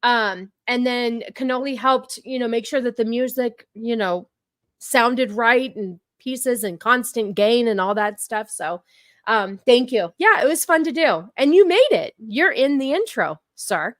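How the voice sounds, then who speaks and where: A woman's voice: a little high, animated, a little slow, a bit bright, no room sound, clean studio sound. A woman hosting a casual livestream, chatting with viewers and repeating herself with lots of fillers. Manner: talks back to chat, many fillers and repeats. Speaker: livestream host.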